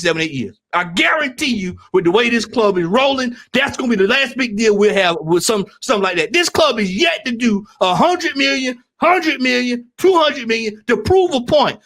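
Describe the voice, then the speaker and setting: A man with a Southern US accent rants heatedly as a football fan panelist. His voice sits high and swings widely, and he hammers his points by repeating them and raising his voice to shouts. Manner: ranting, repetitive, rising to shouts.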